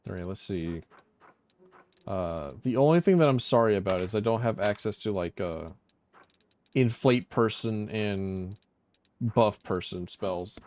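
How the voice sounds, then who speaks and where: A man's voice: fairly low pitch, animated, unhurried, long pauses, a little mellow. A man streaming a video game, talking casually in a rambling, profane, self-mocking way. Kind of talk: casual gameplay commentary.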